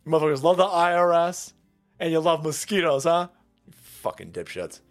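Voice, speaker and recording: A man's voice: on the high side, big pitch swings, normal speed, faint music behind. A man with a sarcastic, mocking, profane delivery, hosting a ranting commentary show. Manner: sarcastic, mocking, puts on voices of opponents. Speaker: political commentary host.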